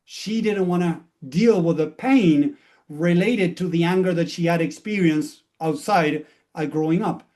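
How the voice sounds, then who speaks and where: A man's voice: high voice, darkish tone. A man speaking as a mindset coach in an explanatory motivational talk, walking through what happens in his one-on-one sessions and retelling them as quoted dialogue.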